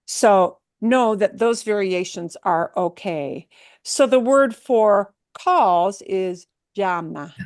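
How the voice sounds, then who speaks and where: A woman leads a beginner language class with patient, steady explanations. She says words slowly so students can echo them and often checks in with a quick "okay?". Her voice sits at a middle pitch and sounds close and dry. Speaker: Spanish teacher.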